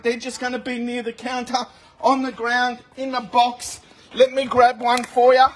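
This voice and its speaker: High-voiced man calling out bargain prices. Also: fairly bright tone. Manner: rapid price-calling, chatty with viewers. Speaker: livestream sale host. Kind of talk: live shopping stream. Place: outdoors at a warehouse sale. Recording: noisy outdoor phone recording with wind.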